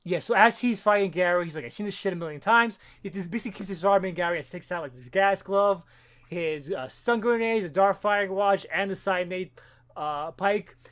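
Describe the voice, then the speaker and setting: A man's voice: high-pitched, fairly bright tone. A man co-hosting a podcast, rambling through comic plot recaps with lots of swearing. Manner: rapid rambling recaps with profanity. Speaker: podcast co-host. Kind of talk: casual comic book discussion.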